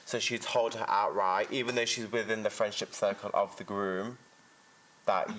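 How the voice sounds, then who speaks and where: A man's voice: fairly low pitch, steady tone, moderate pace, fairly bright tone, a little hiss or hum, poor audio. A young man co-hosting a podcast, chatting casually, joking and telling stories at length. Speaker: podcast co-host. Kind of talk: casual chat.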